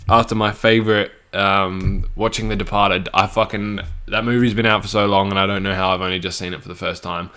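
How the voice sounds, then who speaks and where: A man's voice: lowish voice, flat delivery, fairly quick, pushed and bright, clear, resonant tone. A young man hosting his own podcast, rambling crudely and swearing freely, with plenty of fillers and restarts. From Australia. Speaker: podcast host. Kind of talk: casual solo podcast monologue.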